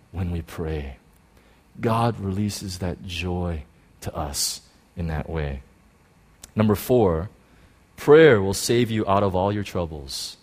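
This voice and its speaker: Excitable man preaching a testimony. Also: low voice, slow. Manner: excitable, animated storytelling with many restarts. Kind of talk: personal testimony sermon.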